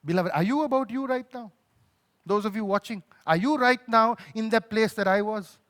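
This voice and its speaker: A male pastor with a Sri Lankan accent preaching a sermon, telling a personal story with emotion and moving between loud pleading and quiet, soft moments. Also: high-pitched, normal speed.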